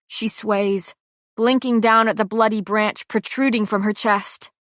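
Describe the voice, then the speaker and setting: A woman narrating a fantasy audiobook in the first person, measured and dramatic. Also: medium pitch, steady tone, fairly bright tone, dry recording, clean studio sound.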